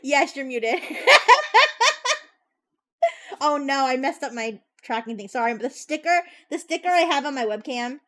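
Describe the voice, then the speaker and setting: A young woman chatting casually on a live stream as a VTuber, teasing her chat and laughing between quick asides. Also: high-pitched.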